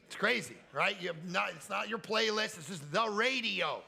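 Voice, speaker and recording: A man preaching a lively camp sermon, telling stories and swinging from quiet asides to loud, high-pitched peaks. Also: moderate pace, creaky. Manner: animated storytelling with shouted high peaks. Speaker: pastor. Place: camp meeting hall.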